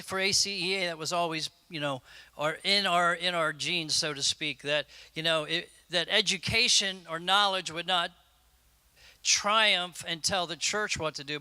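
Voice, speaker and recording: A man giving an unscripted conference talk, speaking in a halting way with many restarts and fillers. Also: fairly high pitch, bright, forceful tone, smooth, no echo. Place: conference room.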